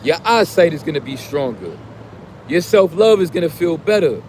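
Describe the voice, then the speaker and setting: A man giving a casual, profane motivational rant in street slang, preaching and sometimes shouting. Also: on the high side, very animated, moderate pace, slight background noise. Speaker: streamer giving motivational talk.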